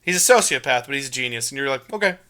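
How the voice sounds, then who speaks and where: A young man co-hosting a casual movie podcast speaks with a bright, forward, smooth voice at medium pitch. Animated, he talks in long, emphatic runs and is quick to press his points.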